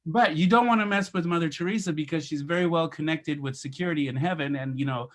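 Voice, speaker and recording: Man spinning lively stories. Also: on the high side, quick pace. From India. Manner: animated storyteller who acts out voices in his anecdotes. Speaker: podcast guest, photographer. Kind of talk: casual storytelling interview.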